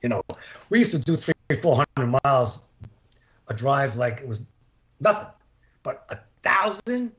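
Older male ex-umpire with a lively storytelling manner who acts out the dialogue; dull video call audio. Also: mid-range voice. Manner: animated, acts out quoted dialogue. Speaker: former baseball umpire. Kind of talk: storytelling in an interview.

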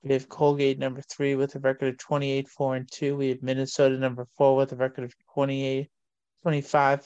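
A man, hosting a casual sports show and reading long lists of college rankings in a steady way. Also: mid-range voice, clear, resonant tone, no room sound, dull audio.

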